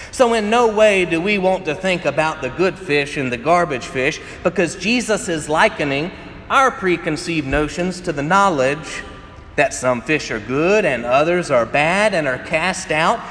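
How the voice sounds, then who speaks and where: A man's voice: a little high, fairly bright tone. Man preaching in an echoey hall. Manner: conversational storytelling, often laughing. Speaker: pastor. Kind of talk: sermon. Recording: echoey hall with faint ambience.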